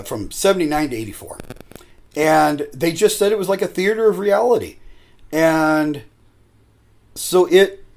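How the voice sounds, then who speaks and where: A man hosting a casual podcast, spinning stories with loose, profane energy. His pitch swings widely and sits a little high for a man. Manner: animated storyteller, swears freely. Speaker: podcast host.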